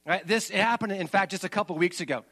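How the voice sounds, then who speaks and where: Male pastor, forties, higher register; honest, self-revealing sermon delivery with lively peaks and hushed confessions. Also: quick pace. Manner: candid and confessional, swings between animated emphasis and low quiet admissions.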